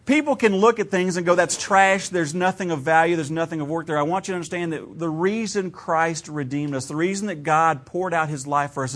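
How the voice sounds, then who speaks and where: A man in his thirties, from Ohio, preaching a sermon in a conversational, storytelling way with shifting emphasis. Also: a little high. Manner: conversational storytelling preacher, varied emphasis, laughs at own stories. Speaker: pastor.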